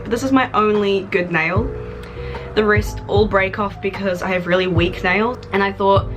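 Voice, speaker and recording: A woman of about twenty chatting casually to her camera in a vlog, rambling and self-deprecating. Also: medium pitch. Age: 20s. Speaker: vlogger.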